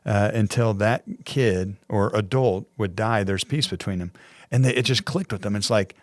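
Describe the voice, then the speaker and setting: A man's voice: on the low side, normal speed, dry recording, studio quality. A man co-hosting a church podcast, casually telling stories in a rambling way, with restarts. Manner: rambling, with frequent restarts and playful voices. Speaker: co-host. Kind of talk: casual conversational storytelling.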